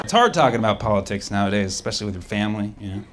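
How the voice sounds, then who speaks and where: A man doing a stand-up comedy set on a club stage, brash and shouting his punchlines, with swearing. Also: fairly low pitch, expressive, rapid-fire, few pauses. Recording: live club recording with audience noise.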